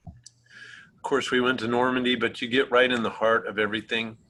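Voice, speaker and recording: A man hosting a casual virtual travel presentation over a video call, friendly and relaxed with easy laughs. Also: medium pitch, normal speed, rough recording. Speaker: travel agency host.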